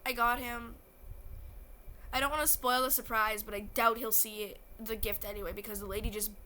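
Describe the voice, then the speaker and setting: A woman's voice: steady tone, fairly quick, bright, forceful tone. A young woman vlogging about meeting a favorite creator, tearful and gushing as she retells it. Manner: gushing, tearful retelling, acts out quotes in high voices. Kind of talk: emotional fan vlog storytelling.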